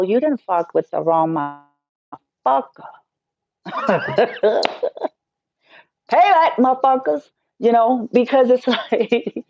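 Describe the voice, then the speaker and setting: In a dull, dry, lo-fi recording, a Reiki healer and spiritual teacher with a slightly high voice rants casually on a live stream. She is blunt, profane and joking.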